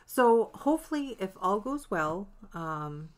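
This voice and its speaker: A woman's voice: mid-range voice, big pitch swings, measured pace. A woman co-hosting a podcast, chatting casually, swearing lightly and joking along. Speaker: podcast co-host. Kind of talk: casual chat.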